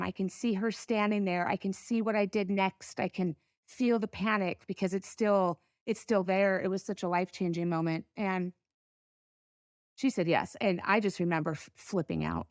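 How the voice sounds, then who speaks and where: A middle-aged woman, a podcast guest, telling a personal story in an earnest, halting way with pauses to gather herself. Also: medium pitch, dry recording, studio quality.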